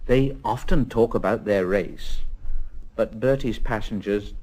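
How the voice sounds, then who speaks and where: A man reading a children's storybook aloud as narrator, in an expressive way. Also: lowish voice, unhurried. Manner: expressive, with lively rises and falls.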